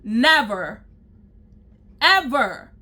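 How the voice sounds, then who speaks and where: Speaking extremely slowly, a young storytime vlogger uses a slightly high, sing-song voice with a sharp tone. She rants casually to her viewers, addressing them straight on, blunt, profane, and exasperated.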